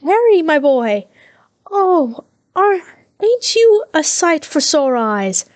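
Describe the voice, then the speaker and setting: Give me a wheedling East End rogue, croaky and high, as a woman reader puts him on. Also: very animated, slow, darkish tone, dry recording, heavily acted. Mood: wheedling nervous. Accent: East End London. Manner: wheedling, nervous, fumbling with fillers. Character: shifty older male crook, croaky.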